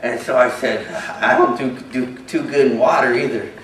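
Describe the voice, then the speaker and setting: An actor playing a shy, self-doubting young man with a disability, telling his story haltingly and earnestly in a stage monologue. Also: mid-range voice, steady tone, fairly bright tone, slight background noise, close to an everyday voice. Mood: gentle. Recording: roomy hall from a distance.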